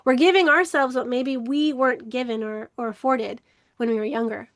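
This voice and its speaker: A woman hosting a spoken webinar, talking earnestly and emotively, often acting out inner voices, with restarts and soft laughs. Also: high-pitched, fairly even intonation, normal speed, no room sound, clean studio sound. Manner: acts out inner dialogue in shifting voices. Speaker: webinar host, creativity coach. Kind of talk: casual spoken webinar talk.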